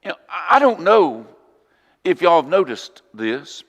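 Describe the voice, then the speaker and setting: A man with a Southern US accent preaching a sermon in an earnest, emphatic way, often dropping to a quiet voice. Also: a little high, very animated, unhurried, long reverb tail, highs cut off. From southern United States. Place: church auditorium.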